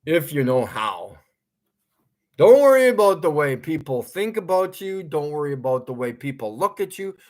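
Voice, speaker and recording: A man's voice: on the high side, very animated, moderate pace. A man ranting to his viewers in an angry, profane monologue, lecturing them and breaking into laughter at himself. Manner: lecturing, repeats commands. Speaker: vlogger.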